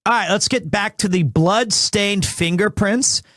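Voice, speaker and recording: A man's voice: high-pitched, unhurried, a bit bright, no room sound, studio quality. Chatty streamer man with restarts. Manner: rambling, many restarts. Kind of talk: casual live-stream chat.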